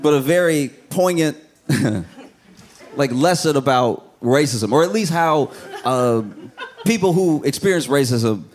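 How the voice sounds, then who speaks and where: A male comedian working a live room, his slightly high voice leaping up and down as he tells his story. He slips into shrill, shouted voices for the people in it, and laughter and noise fill the space behind him. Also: animated, unhurried. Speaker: stand-up comedian. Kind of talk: stand-up comedy set. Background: audience laughter.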